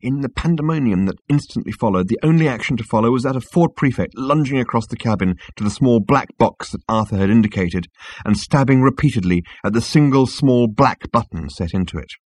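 A man reading an audiobook in scripted narration with a dry, measured storytelling manner on a close mic. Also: mid-range voice, lively intonation, a little mellow, breathy edge, dry recording.

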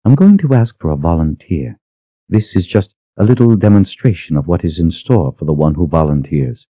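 A man voicing a cold, cruel woman sorceress who speaks with measured, mocking calm in an audiobook. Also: sits low, dry recording, lo-fi sound. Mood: cold menace.

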